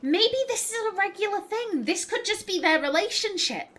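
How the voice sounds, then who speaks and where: High-voiced woman playing a game. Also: expressive, normal speed, a bit bright. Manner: chatty, thinks aloud and reads game text aloud. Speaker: let's play host. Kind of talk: casual gameplay commentary.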